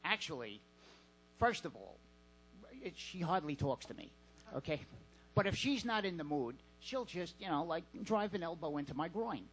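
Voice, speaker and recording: Stand-up comic, male, high and bright, deadpan with halting fillers, on a club stage. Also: soft background music, low-quality recording. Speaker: stand-up comedian. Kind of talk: stand-up set.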